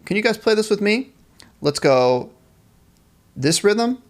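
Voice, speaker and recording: A man's voice: high voice, big pitch swings, slow pace, pauses often. A man teaching a live-streamed band lesson, explaining instrument technique, reading viewers' chat and counting off rhythms for them to play along. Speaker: music teacher.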